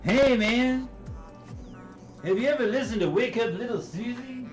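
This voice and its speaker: A man's voice: extremely high pitch, a little slow, soft background music, voice pushed up. A man voicing a laid-back older male singer-songwriter with a drawling, offhand manner.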